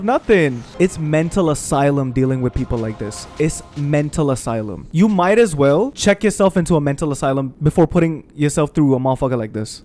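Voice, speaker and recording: A man ranting with emphasis and plenty of profanity, giving commentary over gameplay. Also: on the high side. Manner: profane, animated, emphatic venting. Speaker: gaming streamer.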